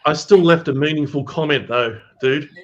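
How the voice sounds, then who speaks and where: A man's voice: a little high, normal speed, highs cut off, a crowd in the background. A man cracking jokes in a casual live stream chat. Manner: wisecracking.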